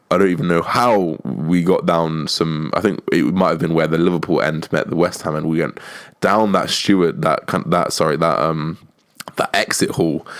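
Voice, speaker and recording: A young man hosting a podcast, telling a story in a casual, animated way and swearing often. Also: low-pitched. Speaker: podcast host.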